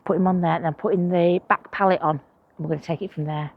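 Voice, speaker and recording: A woman's voice: fairly low pitch, steady tone, fast talker, creaky, muffled recording, slight background noise. Chatty woman gardening outdoors. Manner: chatty, conspiratorial, self-mocking asides. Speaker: allotment vlogger. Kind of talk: casual chat while gardening.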